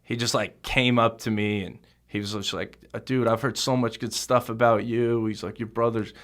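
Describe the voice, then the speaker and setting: A young man speaks as a podcast guest in a fairly low voice. He tells his memories haltingly, and his sentences are padded with casual fillers. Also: little pitch movement, a bit bright. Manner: halting, heavy with fillers like "you know" and "bro". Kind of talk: conversational podcast interview.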